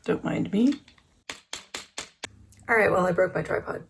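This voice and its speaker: A woman's voice: on the low side, a little slow, creaky, slight background noise. A young woman vlogging about her writing day, chatty and self-mocking, sometimes dropping into a whisper. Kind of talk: casual writing vlog.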